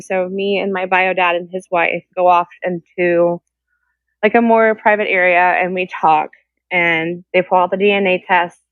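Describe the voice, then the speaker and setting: A woman's voice: medium pitch, steady tone, normal speed, no room sound. A woman telling her own story candidly and emotionally, acting out what others said. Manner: emotional, quotes people in their own voices. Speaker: guest sharing her story. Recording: tinny phone-like line, dry.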